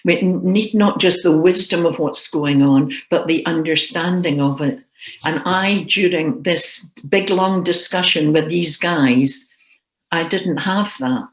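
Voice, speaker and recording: A woman's voice: fairly low pitch, unhurried, echoey room, rough recording. A woman giving an earnest, emotional testimony about forgiveness in a sermon. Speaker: Christian speaker.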